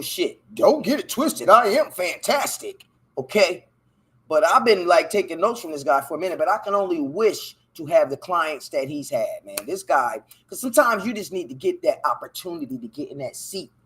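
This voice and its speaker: A podcast host with a husky, fairly bright voice on the high side runs a casual solo show. He reads a text aloud, stumbles over difficult words, and keeps breaking off to talk back to it in loose, profane slang.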